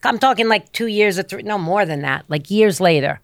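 A woman's voice: medium pitch, moderate pace, vocal fry, no room sound, studio quality. A woman chatting casually, telling rambling stories full of fillers and restarts and acting out what people said. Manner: animated, acts out quoted voices. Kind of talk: casual chat.

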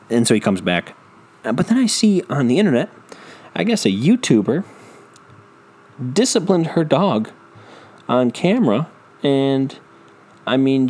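A man's voice: medium pitch, darkish tone. A man hosting a solo podcast, ranting in a profane, rambling, self-deprecating way into a microphone. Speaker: podcast host. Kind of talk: casual solo rant. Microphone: studio microphone.

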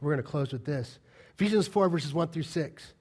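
A man preaching a sermon as a pastor, firing rhetorical questions and swinging between loud emphatic lines and quiet asides. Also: fairly high pitch, expressive, brisk, husky.

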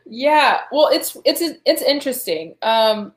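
A woman's voice: on the high side, lively intonation, measured pace. Thoughtful woman in a roomy echo. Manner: thoughtful, rambling, with fillers and restarts. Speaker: podcast co-host. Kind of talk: casual podcast chat.

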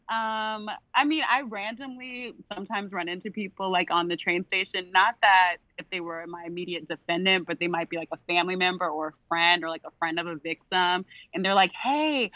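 A woman who is a former prosecutor, a guest on a podcast, telling animated stories and quoting people in lively voices. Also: lowish voice, normal speed, dry recording. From Brooklyn, New York. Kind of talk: casual podcast conversation. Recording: dull, dry podcast audio.

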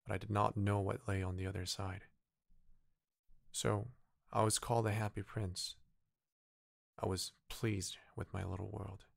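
A man's voice: on the low side, flat delivery, a little slow, gravelly, pauses often, no echo, studio quality, full character voice. A man voicing a sorrowful statue prince. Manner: soft, mournful.

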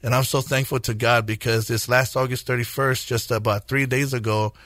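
A man in his forties, a guest minister, telling his testimony in a radio interview, earnest and halting, with many fillers and restarts. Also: medium pitch, flat delivery, fairly bright tone, no room sound, studio quality. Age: 40s.

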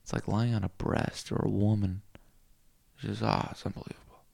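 A man rambling through a crude comic monologue, cursing freely and swinging into loud rants. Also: lowish voice, flat delivery, normal speed, vocal fry.

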